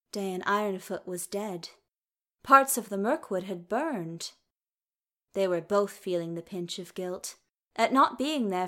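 Slow-paced woman narrating a story. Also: mid-range voice. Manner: calm, measured storytelling. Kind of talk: audiobook narration of fan fiction.

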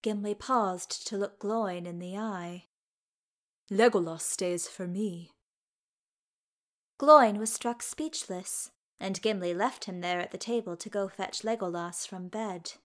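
A woman narrating a fantasy story in a calm, even storytelling manner, speaking the characters' lines gently within the narration. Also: mid-range voice, unhurried, few pauses. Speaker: narrator reading fan fiction. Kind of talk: scripted audiobook narration.

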